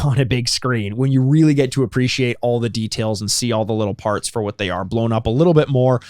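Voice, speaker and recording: A man co-hosting a podcast, talking casually at a mid pitch. His voice is recorded dry and close, and he restarts his sentences often and sometimes mimics an announcer. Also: no echo. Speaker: podcast co-host. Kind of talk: casual chat.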